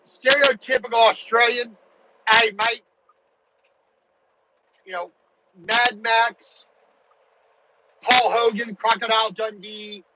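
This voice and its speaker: A truck driver chats with his viewers in a rambling way while driving his truck down the highway. His male voice is extremely high-pitched and steady, a little slow, over a noisy background.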